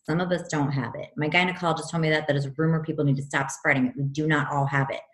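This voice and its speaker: A woman co-hosting a casual chat, telling a personal story in an animated, frank way and swearing freely. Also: deep voice, quick pace. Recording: roomy echo.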